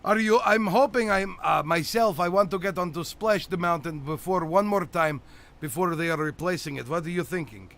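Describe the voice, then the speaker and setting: A man's voice: high-pitched, moderate pace, fairly bright tone. A man playing a boastful, teasing 212-year-old theme-park host who runs a comedic game show. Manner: brash, teasing, theatrical.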